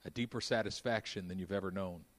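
A man preaching a sermon, moving between quiet intimate passages and loud, fervent stretches. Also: deep voice, fairly even intonation, fast talker. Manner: dynamic, swings from hushed to shouting.

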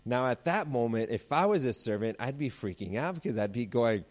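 A man's voice: medium pitch, expressive, a little fast. A male pastor preaching a sermon in a conversational way. He weaves family anecdotes into scripture and acts out the voices he quotes.

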